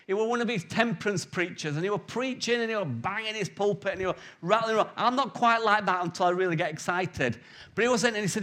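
A man's voice: high voice, fast talker, bright, forceful tone. A man in his forties preaching a conversational sermon with jokes and anecdotes. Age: 40s.

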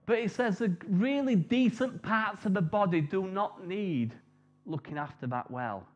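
A man's voice: high-pitched, expressive, measured pace. A man preaching an informal sermon, chatty and jokey, telling personal stories, on a dull lo-fi recording.

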